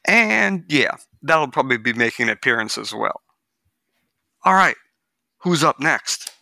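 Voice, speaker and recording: Guy cohosting a beer podcast, gravelly and bright, dry close sound, lots of ums. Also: mid-range voice, unhurried, dry recording. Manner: relaxed, rambling with many ums. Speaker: podcast co-host. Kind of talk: casual chat.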